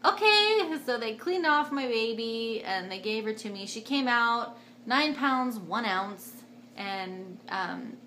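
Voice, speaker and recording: A woman in her twenties telling a personal story to camera in a casual, animated way, acting out quotes. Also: slow, slight background noise. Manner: animated, acts out quotes with big jumps in pitch and loudness. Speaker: vlogger.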